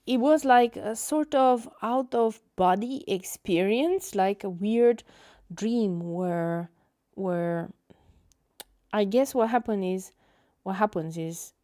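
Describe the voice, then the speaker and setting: A woman's voice: mid-range voice, warm tone, no room sound, clean studio sound. A young woman hosting an art livestream, telling a story in a chatty, rambling way with many fillers. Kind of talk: casual storytelling while painting.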